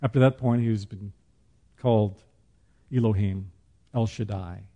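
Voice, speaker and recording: Mellow-voiced man teaching Bible study. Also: lowish voice, fairly even intonation, lo-fi sound. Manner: plain-spoken, joking asides, slow emphatic pauses. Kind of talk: conversational church teaching.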